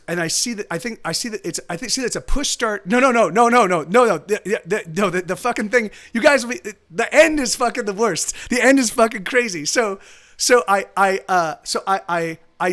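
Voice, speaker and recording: A man with a high-pitched, slightly bright voice tells a story during casual chat on a live stream. He rambles, swears, and keeps correcting himself.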